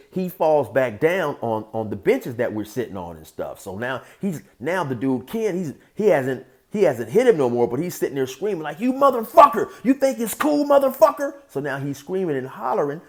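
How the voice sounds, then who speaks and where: A man in an easygoing storytelling mode, talking in a relaxed street manner as a YouTube storyteller. His voice sits in an everyday middle register, and he loosely fills pauses with "you know". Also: mid-range voice. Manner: laid-back, streetwise, frequent "you know". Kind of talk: casual spoken storytelling.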